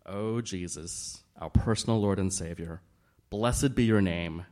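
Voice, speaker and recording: A man voicing a calm, devout wealthy woman who prays aloud. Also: sits low, a little slow. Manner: calm, prayerful.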